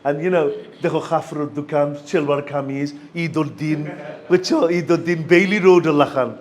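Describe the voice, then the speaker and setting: A man with a Sylheti accent talks through a student workshop at a rapid clip, his voice sitting a little high. He is chatty and eager and keeps checking that his listeners follow. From Bangladesh, Sylhet region. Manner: chatty and enthusiastic, asks for agreement often. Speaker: university lecturer giving a workshop talk. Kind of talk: lively presentation to students.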